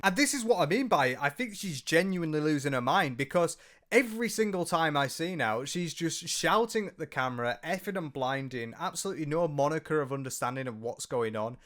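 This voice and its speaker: A man's voice: fairly high pitch, fairly bright tone. A British man hosting a commentary video, ranting sarcastically and swearing freely. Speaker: commentary channel host.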